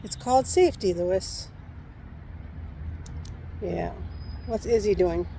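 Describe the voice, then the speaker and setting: Walking outdoors, a pet owner vlogger uses coaxing, affectionate baby talk with her puppy and parrot, filmed on a handheld phone. Her voice is medium-pitched, slow and creaky, with background noise.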